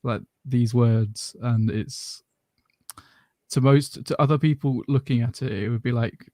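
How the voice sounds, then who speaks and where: A man's voice: mid-range voice, measured pace, mellow, no echo, studio quality. A British man from the UK chatting casually, joking and laughing, often stammering. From United Kingdom. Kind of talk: casual chat.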